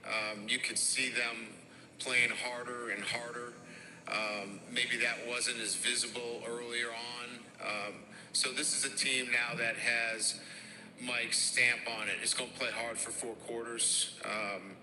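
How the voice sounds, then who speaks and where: A middle-aged man, a head football coach with a Boston and Midwestern accent, answering press conference questions in a halting way with many fillers. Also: mid-range voice, noisy background. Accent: Boston and Midwestern with some Louisiana. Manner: halting, heavy on fillers and restarts.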